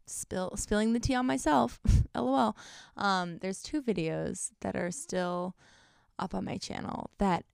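A woman's voice: lowish voice, vocal fry, a little mellow, dry recording, studio quality. A young woman talking to camera in a casual vlog, chatty and self-deprecating, filling her sentences with "like.". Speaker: YouTuber.

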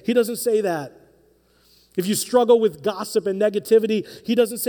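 Pastor, male, high mellow voice, earnest conversational preaching, long church reverb. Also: fairly quick. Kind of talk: sermon. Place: church sanctuary.

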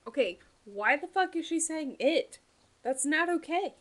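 A woman's voice: sits high, lively intonation, measured pace, a bit bright. A woman co-hosting a casual podcast, chiming in with short reactions and swearing freely. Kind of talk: casual chat.

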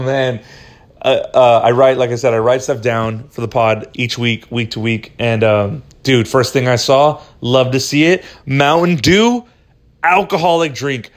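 A man's voice: medium pitch, fairly even intonation, unhurried. A man hosting a solo podcast, rambling casually and swearing a lot as he talks into a phone. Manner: rambling, profane, laid-back. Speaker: podcast host.

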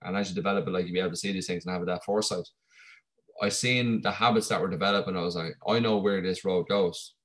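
Young male host, lowish voice, brisk and earnest, thinks aloud. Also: steady tone, a bit bright. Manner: earnest, reflective, many fillers. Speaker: podcast host. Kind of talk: casual interview chat.

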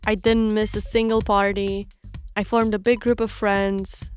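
A young woman from Romania whose first language is Romanian, narrating her own story in a measured, reflective way. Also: medium pitch, flat delivery, faint music behind. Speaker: narrator of a documentary podcast. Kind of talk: scripted personal narration.

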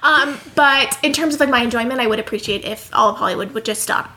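A woman's voice: fairly high pitch, fast, bright, forceful tone, slight background noise. A young woman co-hosting a casual podcast chat, playful and gushing, with jokey slang. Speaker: podcast co-host.

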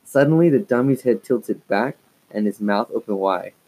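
A man narrating a children's story aloud as an expressive storyteller. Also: on the low side, moderate pace, low-quality recording. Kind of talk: audiobook reading of a children's story.

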